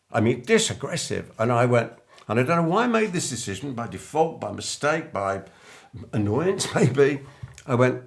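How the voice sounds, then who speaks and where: A man's voice: medium pitch, very animated, moderate pace. An older man, a business coach, telling an anecdote to camera and acting out remembered dialogue. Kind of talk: storytelling monologue to camera.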